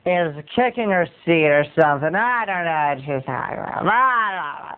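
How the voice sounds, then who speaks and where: A laid-back teenage boy mumbles and stammers while he calmly brushes things off, as a man imitates his friend. He sounds close to the speaker's own voice, and the audio is thin and phone-like. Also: on the high side, moderate pace, smooth, natural voice. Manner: hesitant, stammering, calm. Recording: tinny phone-like recording.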